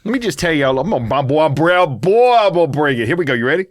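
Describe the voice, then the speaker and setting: A middle-aged man, co-hosting a podcast and telling a story in a casual, animated way that builds to loud outbursts. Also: fairly high pitch, quick pace. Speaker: podcast co-host.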